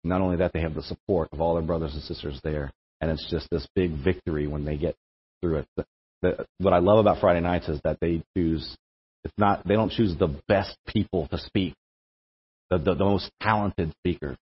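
A campus ministry speaker with a low, husky voice talks a little fast with fairly even intonation. The young man's sermon to a campus group is conversational, full of repeated words as he thinks aloud. It's recorded in an echoey hall with dull, lo-fi sound.

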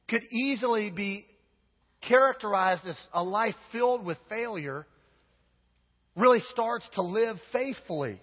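Male pastor, high husky voice, chatty sermon delivery; dull recording with a long church echo. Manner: conversational, addresses the congregation directly with playful asides.

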